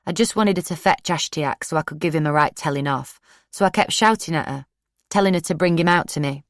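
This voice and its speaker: A woman narrating a first-person true crime audiobook in a steady, plain-spoken way. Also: deep voice, brisk, no echo, studio quality.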